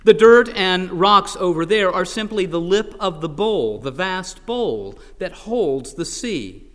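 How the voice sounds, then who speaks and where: A man's voice: sits high, expressive, slow, long reverb tail. A man voicing a huffy sea blob creature. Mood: prim. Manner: prim, huffy, insists on being rational. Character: indignant squishy sea blob creature, proud and touchy.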